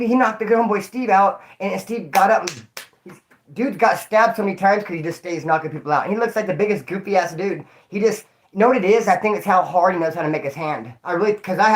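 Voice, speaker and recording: Brief: young Northern California guy, higher-pitched, rambling and cussing through a livestream story. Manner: rambling, slangy and profane.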